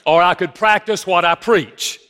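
Bright-voiced preacher in a reverberant hall. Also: male voice, high voice, a little slow, clean tone. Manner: animated storytelling preacher, addresses congregation. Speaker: pastor. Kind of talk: sermon. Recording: long reverb of a large hall.

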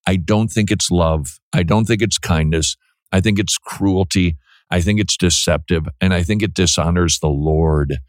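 A man's voice: deep voice, dry recording, studio quality. A man giving blunt religious commentary on a talk show, talking in restarts and mocking asides.

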